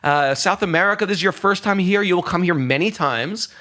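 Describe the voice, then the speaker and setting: A man's voice: high-pitched, a little fast, sharp tone, pitched above the performer's own voice. A man voicing an upbeat woman palm reader and yogini. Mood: cheerful. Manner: sunny, effusive predictions.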